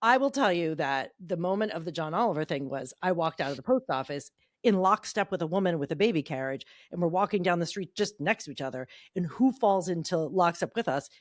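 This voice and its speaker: A woman's voice: lowish voice, brisk, no room sound, clean studio sound. A woman co-hosting a casual chat podcast, telling stories with lots of swearing and acted-out quotes. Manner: animated storyteller, swears, acts out quotes. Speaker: podcast co-host.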